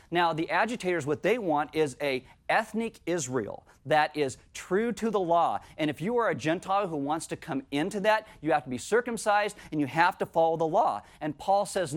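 A middle-aged male pastor delivering a sermon, his voice sitting a little higher than most men's. He moves from reading scripture aloud to loose, joking asides aimed at his congregation.

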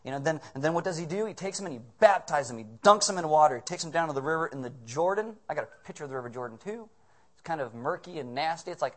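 A man preaching a comedic sermon as pastor, animated and full of casual asides and jokes. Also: on the high side, quick pace.

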